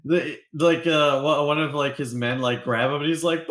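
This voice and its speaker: A young man narrating a tabletop game as game master, loosely, with lots of fillers and quick character voices. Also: a little high, fairly even intonation, fairly bright tone, echoey room.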